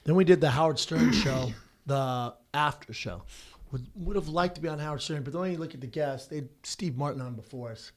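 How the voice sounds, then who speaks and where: A man's voice: on the high side, a little fast. A man co-hosting a podcast in casual chat, with loose, profane banter. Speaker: podcast co-host.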